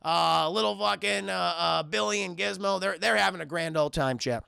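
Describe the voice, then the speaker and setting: A young man streams a crude, animated film review and keeps talking to his chat. His high voice crackles with heavy fry and sounds bright. The recording is dry and close. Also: normal speed, no room sound. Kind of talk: casual film review commentary.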